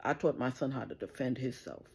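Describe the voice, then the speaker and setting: With a bass voice, fairly even intonation and a darkish, slightly rough tone, this middle-aged woman vlogger speaks fairly quickly. She rants angrily and profanely into the camera, confronting the viewer and repeating "you understand?"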